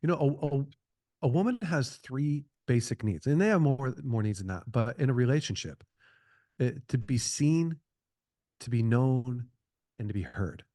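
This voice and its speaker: A man's voice: medium pitch, animated, moderate pace, warm tone, dry recording, studio quality. A middle-aged man speaking as a podcast guest, giving earnest advice in a conversational way, repeating and restarting his phrases.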